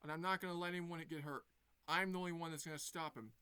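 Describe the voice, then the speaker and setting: A man's voice: on the high side, fairly even intonation, sharp tone, clean tone, no room sound. A man doing a young hedgehog hero full of doubt. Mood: earnest. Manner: halting, with restarts.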